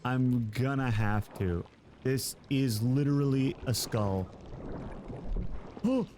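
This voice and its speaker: A man's voice: medium pitch, slow, noisy background. A man streaming a game live, commenting as he plays, often yelping and exclaiming in surprise. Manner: excitable, yelps and exclaims often.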